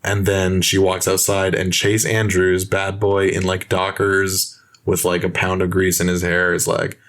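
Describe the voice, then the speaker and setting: A young man hosting a film podcast, casually and mockingly retelling movie scenes with animated play-acting. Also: sits low, unhurried. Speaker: podcast host.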